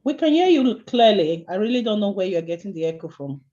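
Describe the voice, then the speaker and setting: A woman co-hosting an online webinar over a video call, calmly helping the presenter. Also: mid-range voice, a little fast. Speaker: webinar co-host. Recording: dull lo-fi call audio.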